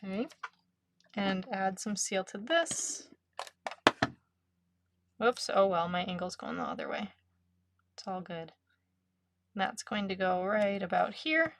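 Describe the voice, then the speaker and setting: A woman's voice: medium pitch, sing-song, slow, long pauses, a little hiss or hum. A woman leading a live card-making class, chatty and upbeat, often breaking into giggles. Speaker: craft instructor.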